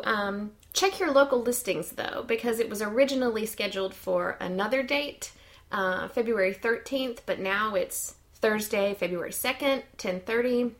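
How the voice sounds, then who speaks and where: A woman, co-hosting a podcast in casual chat, talking freely with fillers and easy laughter. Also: fairly high pitch. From United States. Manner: chatty, laughs easily, many fillers. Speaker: podcast co-host. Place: lives in Sweden.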